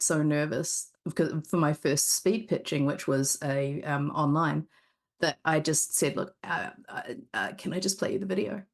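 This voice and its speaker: A woman with a low, gravelly voice tells her stories candidly as a guest on a live stream. She rambles a little, restarting sentences as she goes, in relaxed conversational chat. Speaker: board game designer, guest. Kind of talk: casual interview chat.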